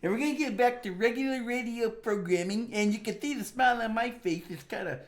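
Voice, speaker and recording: A man's voice: extremely high pitch, a little fast. A man hosting a comedic radio show, joking and laughing often as he talks.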